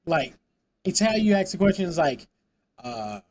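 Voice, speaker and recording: A man's voice: fairly high pitch, expressive, normal speed, a little mellow. A young adult man chatting casually with his stream audience, rambling and often repeating words.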